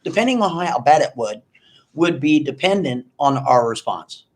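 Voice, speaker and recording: A middle-aged man ranting in a commentary vlog, animated and mocking. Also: fairly high pitch, moderate pace. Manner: animated, mocking, mimics others in exaggerated voices. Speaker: online video commentator.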